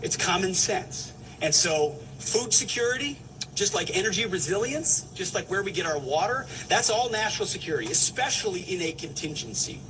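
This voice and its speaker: A man speaks as a government official at a press event, measured and official in tone. His pitch is high and lively, and the clip sounds distant and noisy. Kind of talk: formal press conference remarks.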